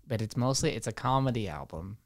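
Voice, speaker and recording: A man's voice: lowish voice, animated, a little fast, dry recording, studio quality. A man hosting a podcast, talking in a loose, rambling, profane way at a podcast mic. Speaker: podcast host. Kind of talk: casual podcast chat.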